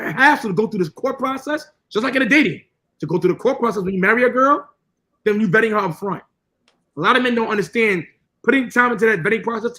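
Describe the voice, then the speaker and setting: A man's voice: sits high, pushed and bright, low-quality recording. A man co-hosting a podcast, talking casually in a blunt, profane, lecturing way. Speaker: podcast co-host.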